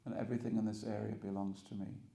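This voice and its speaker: Quick-paced and fairly low, his gravelly voice fills a roomy space. The man preaches to a temple hall congregation, spinning stories and acting out characters with animation.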